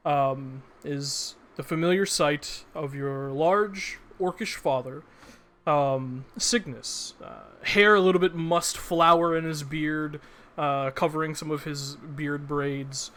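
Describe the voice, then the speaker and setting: A man narrating a tabletop game as game master, measured and descriptive. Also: fairly high pitch, a bit bright.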